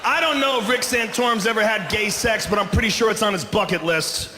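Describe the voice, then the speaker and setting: A stand-up comedian from Boston performing a loud, profane set and acting out characters as he goes. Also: high-pitched, fairly quick, over music, crowd noise. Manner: loud, profane, acts out characters mid-bit. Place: comedy venue on stage. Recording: live comedy club recording with reverb, audience noise.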